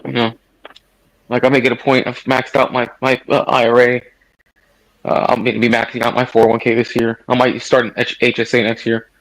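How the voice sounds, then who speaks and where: A man's voice: medium pitch, completely flat delivery, a little fast, a bit bright, low-quality recording. A man in his thirties from the United States, talking casually on a voice chat, rambling and emphatic, swearing now and then. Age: 30s. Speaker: guest caller in a voice chat. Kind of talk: casual political debate on a voice chat.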